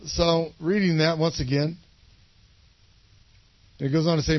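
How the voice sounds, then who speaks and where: A man's voice: a little high, fairly even intonation, measured pace, pauses often, highs cut off. A male pastor preaching a casual sermon in a conversational, rambling way, often checking in with his listeners. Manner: conversational, rambling, asks for agreement.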